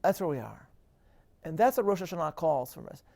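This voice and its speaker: Gravelly-voiced rabbi, earnest and measured. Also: male voice, a little high, sing-song, mellow. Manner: measured and earnest, with emphatic stresses and frequent restarts. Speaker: rabbi giving a talk at a live interview. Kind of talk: thoughtful lecture-style answer.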